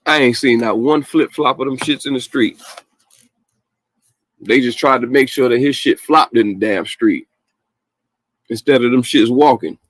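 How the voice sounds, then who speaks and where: A man's voice: mid-range voice, normal speed, long pauses, dry recording. Profane ranting man, dry close sound. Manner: profane, animated ranting with laughs. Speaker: call-in show host. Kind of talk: casual late-night call-in rant.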